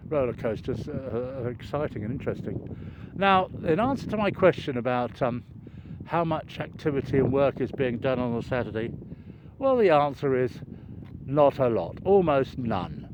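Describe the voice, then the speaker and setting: A man's voice: medium pitch, animated, normal speed. An older man chatting in a rambling, wry way with many fillers and restarts while walking outdoors and filming. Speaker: vlogger filming a construction site. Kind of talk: rambling walk-and-talk narration. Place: outdoors by a road, walking downhill. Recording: dull outdoor camera audio with traffic noise.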